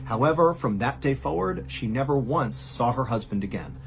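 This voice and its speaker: A man hosting a storytelling show, narrating a true horror tale in a conversational way, full of "and so" and "like", dropping low and quiet at grim moments. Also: moderate pace, vocal fry, slight background noise. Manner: animated, rises high for quoted cries; conversational, uses "like" and "and so". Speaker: storyteller host.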